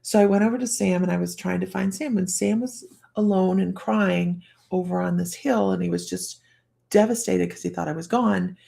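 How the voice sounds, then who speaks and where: Hosting a psychic live stream, this woman has a lowish, creaky, dark-toned voice that stays steady at a normal speed. Her personal story rambles chattily, punctuated by frequent laughter, and she keeps restarting and letting thoughts trail away.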